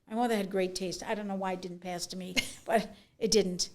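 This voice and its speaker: A middle-aged woman author telling stories from her life in an interview, frank and animated, often acting out what people said. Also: medium pitch, fairly quick, few pauses. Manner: frank, animated storyteller, acts out quotes. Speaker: author and guest. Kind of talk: conversational interview.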